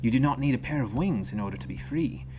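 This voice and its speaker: A man voicing a calm, solemn noblewoman in a put-on British accent, feminizing his voice, still a little masculine. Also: medium pitch, fast talker, soft background music, lightly acted. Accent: fake British.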